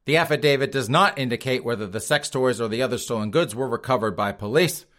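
A man's voice: medium pitch, quick pace, a bit bright. A man hosting a comedic news show, reading stories and joking about them while addressing his audience directly.

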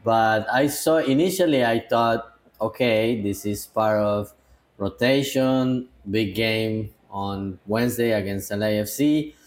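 A man co-hosting a casual sports podcast live from a tavern, speaking in a relaxed, hesitant way. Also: fairly low pitch, slow pace. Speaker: podcast co-host. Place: bar and tavern, live on location.

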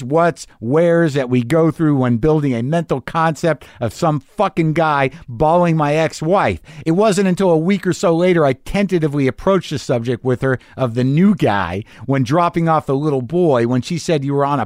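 A man's voice: a little high, no room sound, studio quality. A middle-aged man hosting a podcast, reading listener emails aloud and riffing in a loose, profane, rambling way with lots of restarts. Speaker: podcast host.

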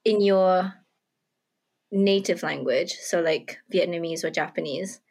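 A young woman co-hosting a podcast, talking in an animated, curious way full of likes and restarts. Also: on the low side, unhurried. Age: young adult. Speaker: podcast co-host. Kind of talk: casual chat.

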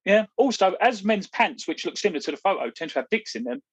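Man, mock salesman pitch, deadpan, sarcastic, slightly high voice. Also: quick pace, husky, dry recording, low-quality recording. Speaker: podcast co-host. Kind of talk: mock advert reading.

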